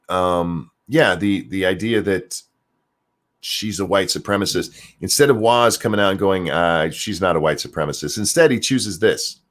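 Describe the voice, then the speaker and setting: A man giving casual ranting commentary as host of his own show, sarcastic and swearing freely, often repeating words as he gets worked up. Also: deep voice. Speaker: commentary streamer.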